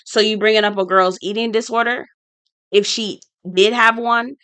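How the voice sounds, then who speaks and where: Sassy bright-voiced woman reviewer. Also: medium pitch, steady tone, moderate pace, clear, resonant tone, no echo, clean studio sound. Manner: sassy, blunt, swears freely. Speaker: reality TV review vlogger. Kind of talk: casual commentary.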